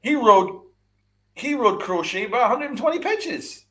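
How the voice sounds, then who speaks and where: A man's voice: very high-pitched, very animated, a little slow, fairly bright tone. A man hosting a podcast, ranting angrily and swearing, repeating his points and firing rhetorical questions at his listeners. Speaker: podcast host. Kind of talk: angry sports rant with live chat.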